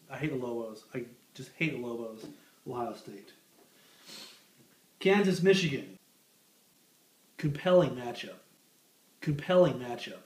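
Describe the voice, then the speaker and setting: A man doing casual comedic sports commentary, picking tournament games with deadpan, rambling asides. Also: fairly high pitch. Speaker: bracket picker.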